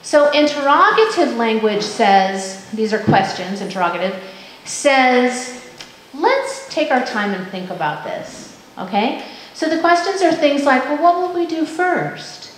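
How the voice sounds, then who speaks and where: A woman's voice: on the high side, measured pace. Woman speaker in a very echoey room. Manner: lively, asks many questions, acts out quoted voices. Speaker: parent education speaker. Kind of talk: workshop talk to parents. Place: school room. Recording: very echoey room with faint noise.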